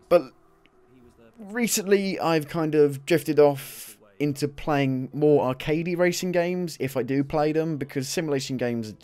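A man of twenty giving casual, chatty commentary while playing a racing game demo, reacting with quick excited exclamations. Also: mid-range voice. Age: 20s. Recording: loud racing game engine noise under the voice. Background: racing car engines from the game.

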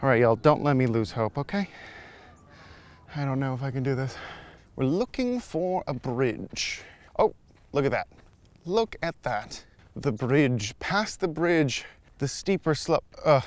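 A man's voice: mid-range voice, very animated, unhurried, long pauses. A man hosting a casual walking vlog outdoors, talking straight to his viewers in a playful, theatrical way. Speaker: app demo host. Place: outdoors on a park trail.

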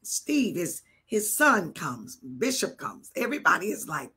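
An older woman bishop preaching a live sermon, telling a personal story with animated swings between hushed and shouted delivery. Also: lowish voice, unhurried, slightly rough.

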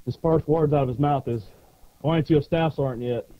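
A former Marine co-hosting a podcast, telling stories in a profane, animated way and acting out the shouting. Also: male voice, a little high, fairly quick, no echo. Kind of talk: casual storytelling chat. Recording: dull lo-fi dry sound.

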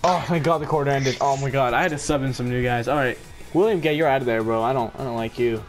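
A young man giving excited play-by-play while gaming, jumping between loud shouts and laughter and low muttering. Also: fast. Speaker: gaming video host. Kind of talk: excited gameplay commentary. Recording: game music underneath.

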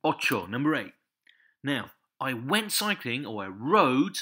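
Bright-voiced man teaching Spanish slowly. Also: mid-range voice, very animated, breathy edge. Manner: patient, repeats each point, stresses accents. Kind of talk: step-by-step language lesson.

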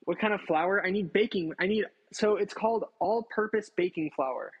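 Husky high-voiced man streaming while cooking. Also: moderate pace, muffled recording. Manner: chatty, swearing, self-mocking, talks to chat. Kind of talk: casual cooking livestream chat.

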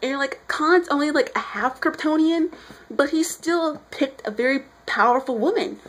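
A woman's voice: sits high, unhurried, poor audio. A young woman reviewing a comic book in casual chat, rambling and chatty as she retells scenes.

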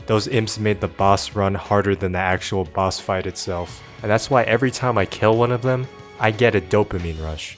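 Brief: man, lowish voice, profane sarcastic ranting, comedic gaming voice-over. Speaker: gaming video narrator.

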